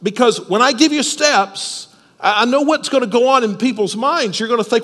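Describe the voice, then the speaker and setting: A man's voice: extremely high pitch, normal speed, bright, forceful tone, big-room sound. A man preaching a sermon at a church service, explaining step by step and asking the listeners questions. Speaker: pastor.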